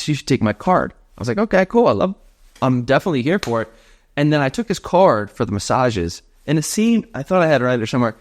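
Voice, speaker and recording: Animated young man telling a story. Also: medium pitch. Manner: animated, full of "like" fillers and quoted dialogue. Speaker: podcast host. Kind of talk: casual storytelling. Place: indoor podcast set.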